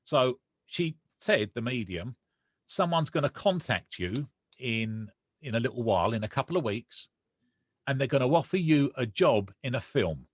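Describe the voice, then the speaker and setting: Brief Romford man, lively storyteller who voices the others, dry close sound. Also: medium pitch, normal speed, dry recording. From Romford, England. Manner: animated, acts out dialogue. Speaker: guest. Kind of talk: personal storytelling.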